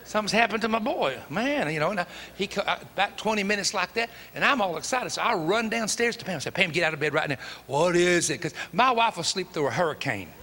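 A man's voice: high-pitched, expressive, quick pace, few pauses, sharp tone. A middle-aged man with a Tennessee Southern accent preaching, telling a folksy, emphatic story and acting out the dialogue. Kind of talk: storytelling sermon. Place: church sanctuary. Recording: long hall reverb.

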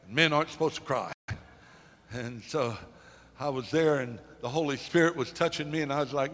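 A male pastor preaching a sermon, rising to emphatic peaks and dropping to quiet, halting asides with repeated words. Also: fairly high pitch, long reverb tail. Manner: repeats words in false starts.

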